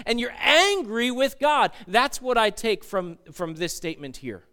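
A male pastor preaching a sermon in a church, animated and acting out panicked voices. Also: very high-pitched, unhurried, hardly any pauses, clean tone.

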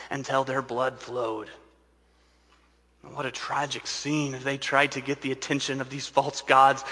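A man preaching a sermon as pastor, swinging between booming emphasis and hushed, intimate asides. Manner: dynamic preaching, shifting from loud to hushed. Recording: large hall with long reverb.

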